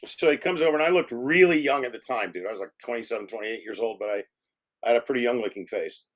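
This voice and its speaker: A man's voice: medium pitch, fast talker. A man around sixty, a film director telling anecdotes in a casual interview, laughing often and swearing freely.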